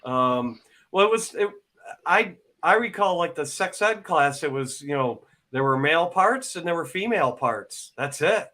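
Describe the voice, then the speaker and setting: Bright-voiced, hesitant man. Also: a little high, expressive, normal speed, low-quality recording. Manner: hesitant, lots of fillers. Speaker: panel participant. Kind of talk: casual online panel chat.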